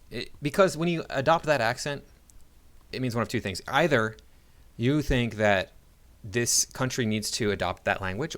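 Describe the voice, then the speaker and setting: A man's voice: medium pitch, fairly bright tone. Sarcastic American man reacting to video. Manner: sarcastic and argumentative, halting restarts. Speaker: online commentator.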